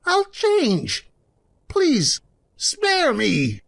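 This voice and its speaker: A woman voicing a grumpy old miserly man in an animated film, pleading and dramatic. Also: high-pitched, drawn-out words, creaky, noisy background, exaggerated voice.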